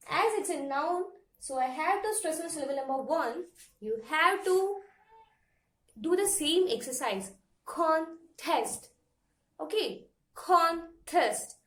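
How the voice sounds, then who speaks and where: A woman teaching syllable stress, explaining step by step and repeating example words slowly. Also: sits high. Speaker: English pronunciation teacher. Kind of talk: classroom-style lesson to camera. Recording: echoey room, somewhat far from the mic.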